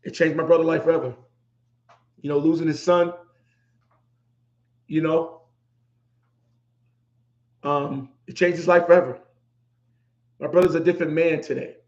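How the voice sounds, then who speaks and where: A man's voice: on the high side, steady tone, a little slow, pauses often, a little mellow. Emotional middle-aged man in an echoey room. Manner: emotional, repeats himself for emphasis. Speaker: podcast host. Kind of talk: heartfelt livestream talk. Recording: echoey room, dull lo-fi sound.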